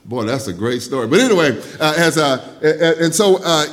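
An older man preaching a sermon, telling personal stories, dropping soft and low for quoted talk and rising loud when he preaches. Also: lively intonation, fairly quick. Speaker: pastor.

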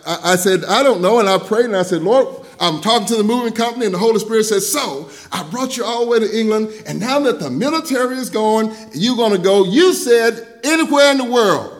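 Older male pastor, high voice, preaches through personal stories, swings between hushed asides and loud emphasis. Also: expressive, brisk, hardly any pauses. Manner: storytelling, drops soft and low for quoted talk, rises loud when preaching.

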